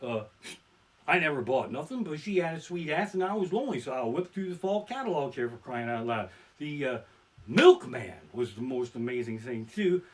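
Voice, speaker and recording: A man's voice: on the high side, big pitch swings, normal speed. A man doing a profane, crude stand-up set, live-streamed from his living room. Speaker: stand-up comedian. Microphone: barebones home streaming mic.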